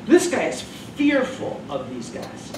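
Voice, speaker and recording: A man preaching a sermon as pastor, animated and joking in a conversational way. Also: high voice, takes it slowly, a little hiss or hum. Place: church sanctuary. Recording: echoey room from far off.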